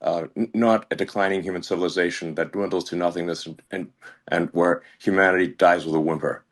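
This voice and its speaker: Halting, stammering man, low voice. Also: steady tone. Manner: halting, many restarts and stammers. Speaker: guest. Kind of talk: casual conversation.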